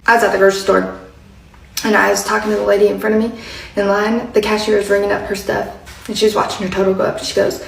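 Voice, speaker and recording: A woman telling a casual story in a chatty way and laughing often. Her voice has a gravelly edge. She sounds a little off the mic, in an echoey room. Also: medium pitch, flat delivery, quick pace, recorded from a distance. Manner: chatty, laughs often, drops to a hush when quoting. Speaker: social media commentator.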